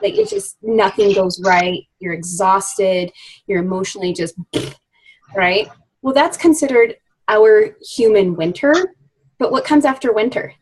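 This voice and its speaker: A woman's voice: medium pitch, a little slow, a little mellow, husky, low-quality recording. A woman in her thirties coaching her team in a casual live video chat, chatty and upbeat with many fillers.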